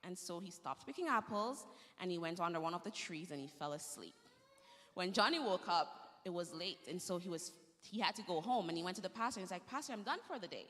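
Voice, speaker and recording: A woman telling a story to children during a church service, gentle and lively, in a church sanctuary. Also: fairly low pitch, brisk, big-room sound.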